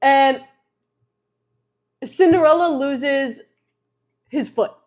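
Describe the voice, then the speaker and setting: A teenage girl chatting on a livestream with a slightly high voice, telling a story in an animated way. She talks freely and fills her sentences with fillers. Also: drawn-out words. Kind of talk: casual chat on a livestream.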